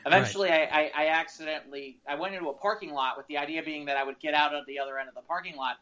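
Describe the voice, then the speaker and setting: A man co-hosting a podcast, telling a rambling, animated anecdote in casual chat. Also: on the high side, rapid-fire. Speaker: podcast co-host. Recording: dull lo-fi sound.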